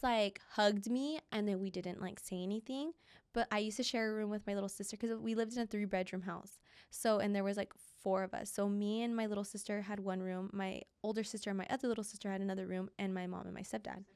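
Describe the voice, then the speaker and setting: A woman's voice: mid-range voice, steady tone, fairly quick, clear, resonant tone, dry recording. Young woman, podcast guest; casual, chatty storyteller who acts out quotes; dry, close mic. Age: young adult. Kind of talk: casual chat.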